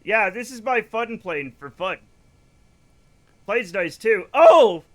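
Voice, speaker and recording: A man streaming a video game live, chatting to viewers in an excitable way with loud bursts of enthusiasm. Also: high-pitched, slow.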